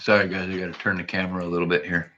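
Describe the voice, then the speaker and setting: A man's voice: low voice, flat delivery, very fast, pushed and bright, dull audio. A man hosting a casual livestream, chatting nervously and jokingly with his viewers. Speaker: livestream host.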